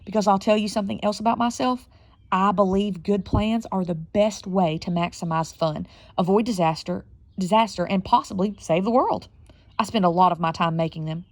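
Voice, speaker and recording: A woman reads a children's novel aloud in a medium-pitched voice. Her storytelling is expressive, and she sometimes stumbles and corrects herself as she goes. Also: normal speed, no room sound. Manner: expressive storytelling, slight slips and self-corrections. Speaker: reader.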